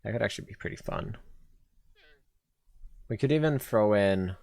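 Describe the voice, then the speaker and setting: A man with a Swedish accent streaming live, thinking out loud as he builds and chatting easily with his viewers. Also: fairly low pitch, animated, normal speed, creaky. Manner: thinks aloud, chatty, reads chat and answers viewers. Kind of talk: casual live-stream chat while building.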